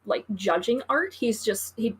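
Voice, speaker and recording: A woman with a slightly husky voice, a guest artist chatting casually on a stream over a call. She rambles in an easygoing way and fills gaps with "um" and "like.". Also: fairly high pitch, expressive, a little slow. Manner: easygoing, rambling, lots of fillers.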